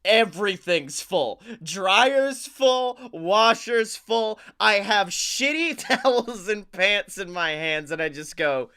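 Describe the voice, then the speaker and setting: A young man co-hosting a podcast, telling a profane, animated story and acting out the dialogue. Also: high voice, takes it slowly, hardly any pauses, clean tone. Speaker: podcast co-host. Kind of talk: casual comedic chat.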